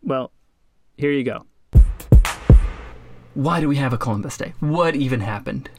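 A man co-hosting a casual podcast, talking in a sarcastic, profane way and jumping into high mocking voices for the people he quotes. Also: moderate pace, music in the background. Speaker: podcast co-host.

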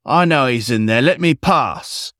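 A man voicing a furious male pursuer in a storybook reading, who barks loud threats. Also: medium pitch, expressive, a little slow, no echo, clean studio sound, voice pushed up.

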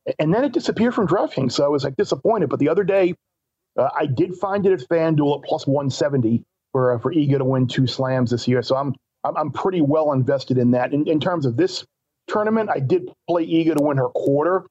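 A man's voice: on the high side, brisk, a little mellow, dry recording, highs cut off. A man joining a betting talk show as a guest, talking in a stop-start way and repeating words as he thinks. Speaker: guest sports bettor.

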